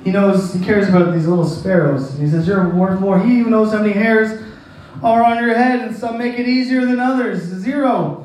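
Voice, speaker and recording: Folksy high-voiced man preaching in echoey hall. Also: moderate pace, darkish tone. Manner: rambling, folksy, laughs at own jokes. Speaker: pastor. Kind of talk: sermon with a personal story. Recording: echoey hall, distant mic.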